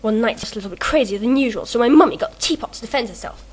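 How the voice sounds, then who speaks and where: A woman voicing a menacing young male villain telling a dark story in a loud, mocking, theatrical way. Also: on the high side, animated, racing, breathy edge, rough recording.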